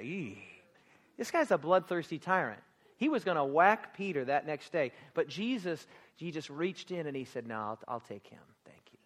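A man preaching a sermon, lively and jokey, acting out scenes and laughing often. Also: on the high side.

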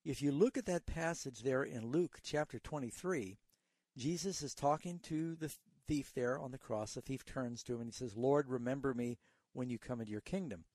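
A man's voice: mid-range voice, normal speed, a little mellow, dry recording. A man hosting a call-in Bible radio show, earnestly explaining scripture to callers in a teaching way. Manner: earnest, teaching tone with a storytelling aside.

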